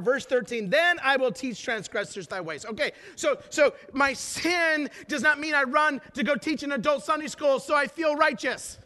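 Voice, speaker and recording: High bright-voiced preacher in a hall. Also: male voice, moderate pace, hardly any pauses. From northern Wisconsin. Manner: animated, swings from loud shouting to hushed prayer. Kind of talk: sermon. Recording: long hall reverb.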